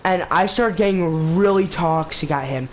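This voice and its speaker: On a low-quality recording with slight background noise, a gaming channel host with a fairly high voice speaks at normal speed. He tells his story casually and loosely, stumbling into restarts and peppering it with "basically" and "like".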